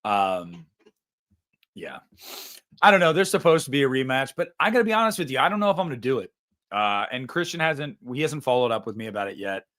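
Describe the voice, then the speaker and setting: A man's voice: medium pitch, animated, fast talker, a bit bright. Male host, casual comic ranter, mid-range voice, playful indignation. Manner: joking, mock-indignant, competitive rant. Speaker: podcast host. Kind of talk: casual chat.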